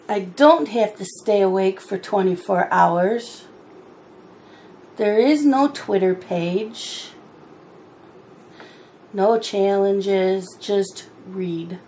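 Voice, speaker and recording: A middle-aged woman talks in a slow, unhurried way while she colors. Her chat is easygoing with mildly exasperated asides, and hiccups break in now and then. Her voice sits at an ordinary pitch. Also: warm tone, slight background noise. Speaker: coloring channel host.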